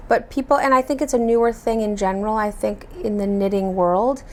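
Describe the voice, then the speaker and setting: An American woman hosting a casual interview, chatting in a relaxed, chatty way with plenty of fillers. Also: medium pitch, fairly quick, a little hiss or hum. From United States. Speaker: podcast host.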